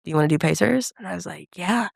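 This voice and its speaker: A woman telling her story as a podcast guest, with a slightly gravelly edge in her voice. She brings the quoted dialogue to life as she goes. The sound is dry and close. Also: fairly low pitch, quick pace, dry recording. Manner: animated storyteller who acts out quoted dialogue. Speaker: emcee and keynote speaker, guest.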